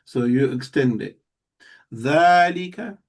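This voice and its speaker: A man with a medium-pitched, darkish voice teaches a live Arabic class at a moderate pace, explaining things step by step and checking that students are keeping up. His voice sounds somewhat distant from the mic.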